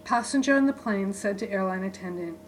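A woman giving a deadpan spoken-word reading of her own short writings, in clipped, list-like phrases. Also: mid-range voice, a little fast, a little hiss or hum, poor audio.

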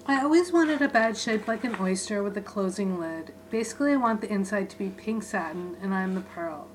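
A woman giving a deadpan spoken-word reading of her own short writings, in clipped, list-like phrases. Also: mid-range voice, brisk, noisy background.

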